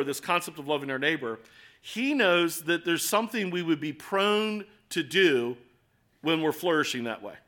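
Man, American accent, sermon, bright forceful voice, slightly high pitch, earnest and conversational. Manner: earnest, conversational preaching with rhetorical questions. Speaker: pastor.

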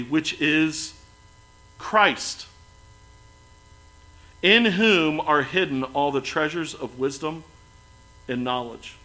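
A man preaching a sermon as pastor, earnest, building to emphatic lines and then dropping soft and quiet. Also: a little high, rough recording.

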